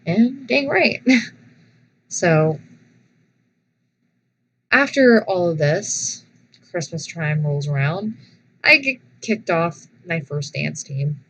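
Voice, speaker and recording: A young woman talks slowly and a little low as she spins a casual personal story for her vlog. Her retelling is animated and dramatic, with frequent restarts. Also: slight background noise, rough recording. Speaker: vlogger.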